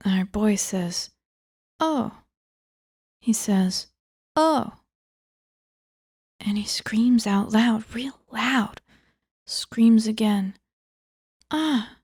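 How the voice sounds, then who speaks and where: A woman reads a book aloud at an unhurried pace, her voice mellow and low in brightness. She often sinks into a hushed whisper as she reads. The sound is close and dry, with no room around it. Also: fairly even intonation, husky, no room sound. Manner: drops often into a hushed whisper while reading. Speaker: audiobook reader. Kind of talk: cold reading of a book aloud.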